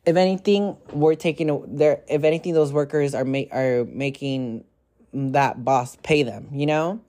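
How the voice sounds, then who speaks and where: This young woman hosts a podcast in a deep, warm voice at a moderate pace. Her casual storytelling chat wanders, swears a lot, and is crowded with fillers.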